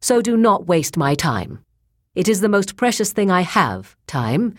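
A woman's voice: rumbling low, lively intonation, unhurried, darkish tone, no room sound, clean studio sound, exaggerated voice. A woman reading the lines of a proud, two-centuries-old woman sage who gives stern, commanding warnings.

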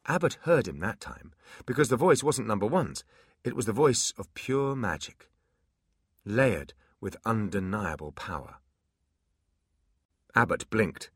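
A man narrating a fantasy audiobook in an expressive storytelling manner. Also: on the low side, a little slow, dry recording, studio quality.

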